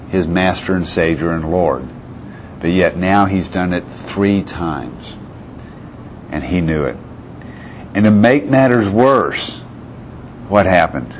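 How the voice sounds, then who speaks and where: A man with a deep, low voice delivers a sermon. He reads out scripture and keeps asking his listeners questions. The recording is a little muffled, with a faint hiss behind it. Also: a little slow. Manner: asks the listeners rhetorical questions. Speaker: preacher.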